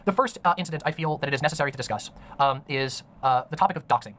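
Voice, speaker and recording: A man's voice: fairly high pitch, very fast, bright, forceful tone. A man narrating a commentary video in an earnest, serious way, with many ums and uhs. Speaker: online commentator.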